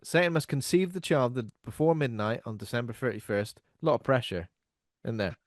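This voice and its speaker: A man's voice: mid-range voice, animated, a little fast, dry recording, clean studio sound. A man co-hosting a casual film review podcast, summarizing the plot and laughing easily. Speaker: podcast co-host.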